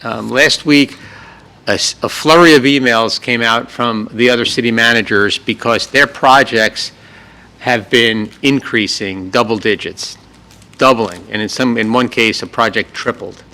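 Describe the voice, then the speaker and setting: A man presenting an update at a city workshop meeting, losing his voice, measured and explanatory. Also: mid-range voice, sharp tone, low-quality recording. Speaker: city manager. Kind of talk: public meeting report.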